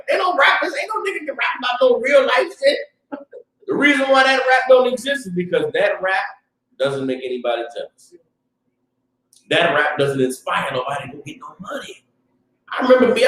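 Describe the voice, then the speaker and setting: A high-voiced man with a Southern US accent preaches in a fiery, loose street style, breaking into shouts at his peaks. He stands back from the mic in a very echoey room. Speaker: class teacher. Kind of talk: preaching class, casual street talk. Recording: roomy echo, distant mic.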